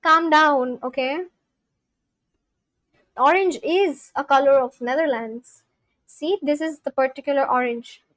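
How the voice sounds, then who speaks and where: A woman's voice: sits high, measured pace, long pauses, fairly bright tone, no echo. A young woman livestreamer chatting casually with viewers, talking back to chat with loose, filler-heavy speech. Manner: talks back to chat, scolding and reassuring.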